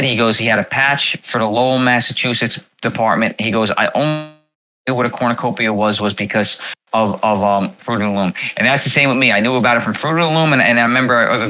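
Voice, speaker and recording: A man hosting his own livestream talks in a loose, rambling way, full of fillers, restarts and repeated words. His voice is bright and forward. He sits at a middle pitch for a man. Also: rough recording. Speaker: livestream host. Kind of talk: casual livestream chat.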